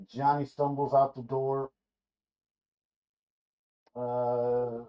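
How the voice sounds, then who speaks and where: A man reading a rough draft screenplay aloud in a loose, ad-libbing way, correcting himself with casual asides, in a dull lo-fi recording. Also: mid-range voice, little pitch movement, takes it slowly, pauses often. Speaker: screenplay reader.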